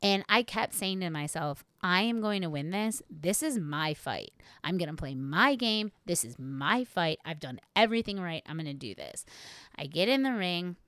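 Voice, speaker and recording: A woman co-hosts a podcast and tells a casual, lively story with a slightly low voice. She swears freely and acts out her own past thoughts. Her voice sounds dry and close, with little room sound. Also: moderate pace, no echo. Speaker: podcast co-host.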